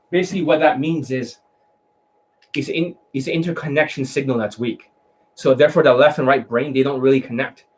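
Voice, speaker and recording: A man's voice: mid-range voice, poor audio. A man coaching on dating in a blunt, mocking monologue, swearing often and mimicking voices to make his points.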